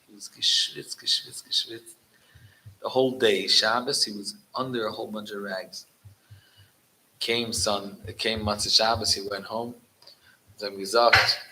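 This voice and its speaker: A man speaking as a rabbi at a gathering, telling a story and mixing Yiddish into his English, animated when he quotes. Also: fairly low pitch, a little hiss or hum, low-quality recording.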